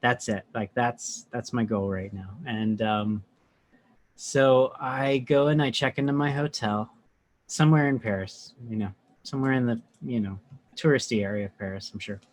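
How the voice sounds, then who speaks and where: Male podcast guest, meditation teacher, chatty anecdote, animated asides, mid-range voice. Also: medium pitch, moderate pace. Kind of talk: casual storytelling.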